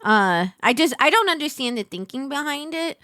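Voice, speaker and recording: A woman co-hosting a charity livestream in casual, enthusiastic chat, quick to giggle. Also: sits high, animated, sharp tone, no echo, studio quality. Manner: giggly, enthusiastic, easily amused. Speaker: charity stream co-host.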